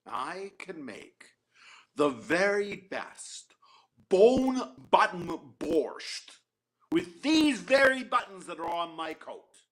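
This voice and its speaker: A man's voice: high-pitched, sing-song, measured pace, few pauses, pushed and bright, heavily acted. A man voicing a hungry, polite wandering beggar who stammers and wheedles in a folktale. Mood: polite pleading.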